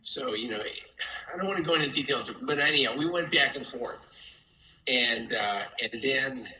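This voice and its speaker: Older male storyteller, animated, laughs often; bright tone, dull lo-fi recording. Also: medium pitch, normal speed, echoey room. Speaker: family friend telling stories. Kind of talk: casual storytelling.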